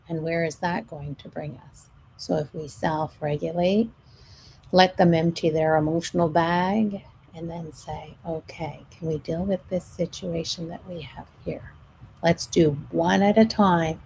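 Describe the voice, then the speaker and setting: A middle-aged woman, a stress management coach, talking gently to her audience on a live show and at times dropping almost to a whisper. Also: fairly low pitch, steady tone, measured pace, vocal fry, a little hiss or hum, low-quality recording.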